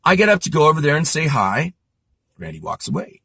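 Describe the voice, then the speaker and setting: A man's voice: a little high, fairly quick, creaky, breathy edge, no echo. A man telling rambling personal stories in a casual monologue, full of asides. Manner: rambling, animated, lots of asides. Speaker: vlogger.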